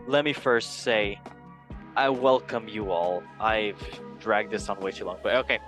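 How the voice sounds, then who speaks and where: A man's voice: mid-range voice, moderate pace, a bit bright, soft background music. Rambling, self-mocking male podcast host. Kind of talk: casual chat.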